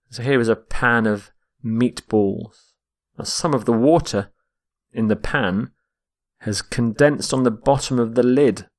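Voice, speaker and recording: Male English teacher, slow and deliberate, models each word's pronunciation. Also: medium pitch. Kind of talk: vocabulary lesson.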